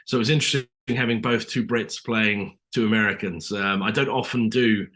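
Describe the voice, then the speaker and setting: A man's voice: fairly low pitch, fairly even intonation, a little fast, a bit bright. A man with an English accent, a guest actor talking casually in an interview, rambling with lots of fillers. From England.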